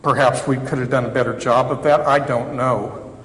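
A man preaching a sermon, talking to his congregation in a loose, conversational way and mixing quiet reflection with jokes at his own expense. His voice sits at an ordinary middle pitch. It rings through a large, reverberant sanctuary over a faint background hiss. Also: fairly even intonation, moderate pace. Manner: conversational and reflective, with self-deprecating humor. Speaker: chaplain preaching. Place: church sanctuary. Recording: echoey hall reverb, faint background noise.

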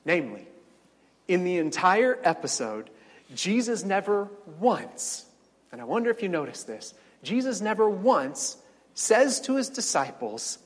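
A man's voice: high-pitched, big pitch swings, measured pace, slightly rough, big-room sound. A middle-aged male pastor preaching a sermon, storytelling with dramatic swells and wry asides.

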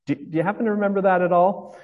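A man's voice: high voice, fairly even intonation, very fast, phone-quality sound. A male pastor giving a reflective, conversational sermon, asking his congregation questions as he goes.

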